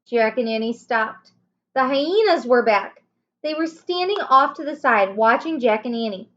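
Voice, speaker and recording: A woman teacher reading a children's chapter book aloud, slowly and carefully, raising her voice for the children's lines. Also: fairly high pitch, animated, a bit bright, muffled recording. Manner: slow, careful reading with small self-corrections. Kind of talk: storybook read-aloud.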